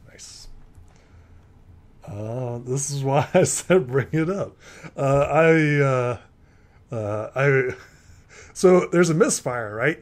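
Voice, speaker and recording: A man's voice: medium pitch, expressive, slow, pauses often. A laid-back man playing a tabletop game who laughs often. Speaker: player.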